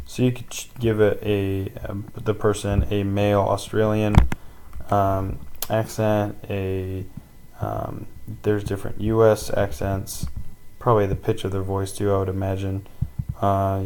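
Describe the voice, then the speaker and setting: A man teaching a casual screen-recorded tutorial, rambling with many pauses and ums. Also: lowish voice, creaky, darkish tone, slight background noise, low-quality recording.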